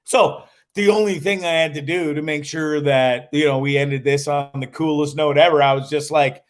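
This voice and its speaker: A man's voice: on the high side, steady tone, normal speed, hardly any pauses. A man hosting a livestream who rambles and swears as he tells a story, restarting his sentences often. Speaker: livestream host. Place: indoors in a cottage while traveling.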